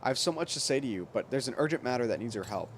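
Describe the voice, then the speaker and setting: A man reading the lines of an earnest, caring young woman doctor in his own soft voice, over game music. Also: medium pitch, expressive, rapid-fire, a little hiss or hum, natural voice. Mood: apologetic. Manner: reads her lines aloud softly.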